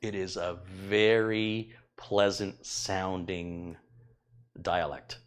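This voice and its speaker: A man's voice: low voice, flat delivery, very slow. A middle-aged man hosting a live stream from his kitchen, chatting casually, teasing and rambling with fillers as he thanks viewers. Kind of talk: casual live-stream chat reading donations. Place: home kitchen.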